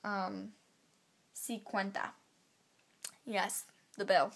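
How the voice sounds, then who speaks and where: A woman's voice: medium pitch, little pitch movement, vocal fry. Chatty young woman vlogging at home. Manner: chatty, filler-heavy, drawn-out slow phrasing. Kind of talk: casual vlog, teaching basic Spanish phrases. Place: home, indoors.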